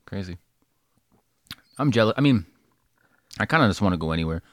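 Young male podcast co-host, low voice, relaxed and jokey, dry close sound. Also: brisk, no room sound. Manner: joking, swearing, laughing often. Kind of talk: casual chat.

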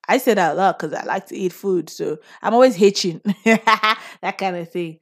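A woman's voice: on the low side, normal speed, a little mellow. A young woman with a Nigerian accent, chatting casually and solo as a podcast host, often laughing and slipping into pidgin phrases.

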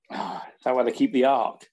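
A man's voice: mid-range voice, little pitch movement, slow pace, very noisy. A man joining a podcast as a guest over a video call on his phone, joking and self-deprecating. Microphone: phone held in one hand.

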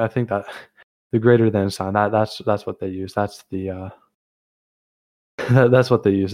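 This young host has a lowish, mellow voice. In a casual chat he rambles along, packing his speech with fillers, restarts, and self-corrections.

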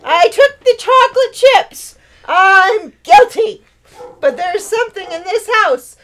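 A woman voicing an excitable, dramatic young woman who exclaims shrilly. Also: extremely high pitch, takes it slowly, voice pushed up, full character voice. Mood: excited.

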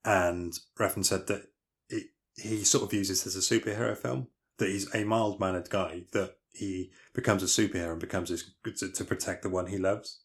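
Podcast co-host, male, very low voice, rambling and detailed scene recaps. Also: steady tone, moderate pace. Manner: retells film scenes in detail with many fillers and restarts. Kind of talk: casual film discussion podcast.

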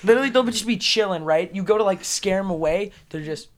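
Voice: medium pitch, fast talker, background noise. A young co-host of a podcast bantering casually, teasing and slangy. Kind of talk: casual chat.

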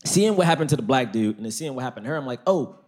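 A fast-talking man co-hosting a live podcast recorded on a festival stage. His voice sits a little high and leaps around as he tells stories with emphatic, slangy asides. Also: animated, darkish tone. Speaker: podcast co-host. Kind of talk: live podcast film discussion.

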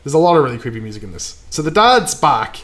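A man casually recapping a horror film's plot, trailing off quietly and tagging "right?" onto his sentences. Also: medium pitch, big pitch swings, fast. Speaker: podcast co-host recapping a film. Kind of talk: casual chat.

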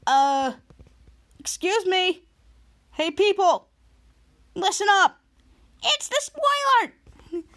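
Woman doing a shouting costumed spoiler guy. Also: extremely high pitch, very slow, long pauses, voice pushed up, heavily acted. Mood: excited announcing. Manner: excited, shouting announcements. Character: loud attention-grabbing male costumed spoiler.

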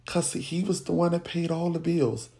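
A man slowly recounting a painful childhood memory as personal storytelling, speaking. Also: on the high side, fairly even intonation, vocal fry, dark tone. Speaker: podcast host telling his life story.

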